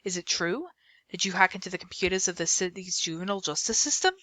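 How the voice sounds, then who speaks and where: A man's voice: high-pitched, animated, quick pace, sharp tone, dry recording. A woman reading aloud and voicing a polite, confident, well-dressed male attorney.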